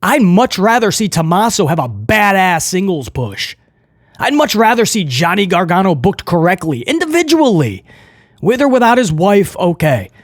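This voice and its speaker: A man's voice: high voice, big pitch swings, normal speed, no room sound, clean studio sound. A man reviewing a wrestling show, ranting with frustration in an emphatic, opinionated way.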